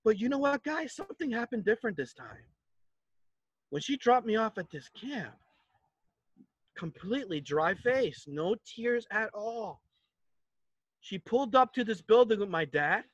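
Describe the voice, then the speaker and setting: Animated young man telling a story. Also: measured pace, long pauses, slightly rough, dry recording, lo-fi sound. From New Jersey. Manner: animated, acts out dialogue, drops low for asides. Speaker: camp speaker. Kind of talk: storytelling talk.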